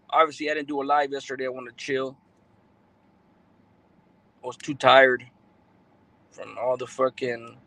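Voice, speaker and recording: A man's voice: mid-range voice, vocal fry, pushed and bright, rough recording. A man chats easily on a livestream, loose and talkative. He drops street slang and curses freely, reading viewer comments and talking straight to his audience. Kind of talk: casual livestream chat.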